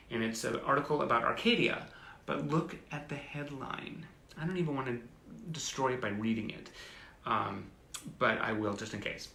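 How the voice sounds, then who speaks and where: A man's voice: medium pitch, vocal fry, sharp tone, roomy sound. A man hosting a casual live stream, reading old clippings aloud with wry, self-mocking asides. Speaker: host. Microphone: phone or webcam on a live stream.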